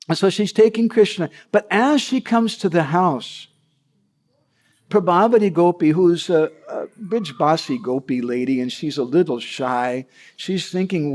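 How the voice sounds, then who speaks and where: A man's voice: on the high side, expressive, measured pace, darkish tone. A man giving a devotional talk, telling stories animatedly and checking in with his listeners. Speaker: devotional storyteller.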